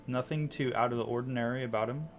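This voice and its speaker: A man's voice: medium pitch, steady tone, quick pace, soft background music. A man running a tabletop game as dungeon master, narrating scenes in a loose, descriptive way with many likes and ums.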